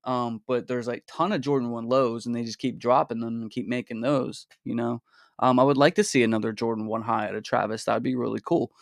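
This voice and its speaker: Guy chatting on his livestream, kinda gravelly, dry close sound, loose and rambly. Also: medium pitch, brisk, dry recording. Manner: relaxed, rambling with fillers and restarts. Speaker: livestream host. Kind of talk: casual livestream chat.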